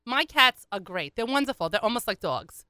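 A woman voicing a doting mother in her sixties who talks slowly and matter-of-factly. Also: fairly high pitch, sing-song, pushed and bright, clear, resonant tone, no room sound, studio quality. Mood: proud. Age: 60s. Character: doting older mother, slow and unbothered.

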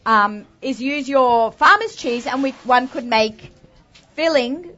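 A woman's voice: high voice, expressive, takes it slowly, a bit bright. An Australian woman hosting a live cooking demonstration, talking chattily and upbeat with lots of asides. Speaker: cooking show host. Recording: dull lo-fi sound.

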